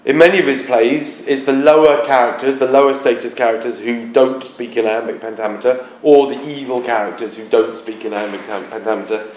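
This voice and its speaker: A man teaching a class, talking haltingly, searching aloud for words and chanting rhythms to show them. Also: mid-range voice, steady tone, darkish tone. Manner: demonstrates rhythms by chanting beats. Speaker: English teacher. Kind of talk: classroom explanation of a play. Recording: roomy, echoey classroom.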